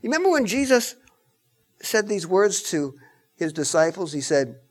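High-voiced man preaching emphatically. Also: normal speed. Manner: animated and emphatic, with joking asides. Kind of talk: sermon.

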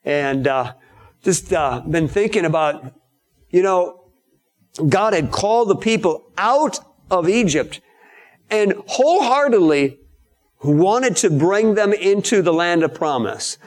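A man preaching a sermon in a storytelling way, acting out the lines of the people in his story with sudden high shouts. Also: lively intonation, slow.

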